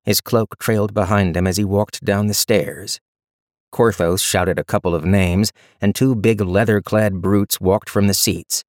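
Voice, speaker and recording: Low-voiced male audiobook narrator. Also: fairly even intonation, a little slow, no echo, clean studio sound.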